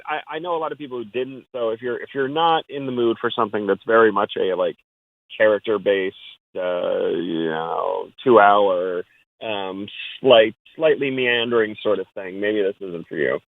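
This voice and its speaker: A man's voice: medium pitch, no echo. A man calling in as a guest film critic, giving opinionated, wry takes in a casual chat. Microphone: phone call. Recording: tinny dry phone line.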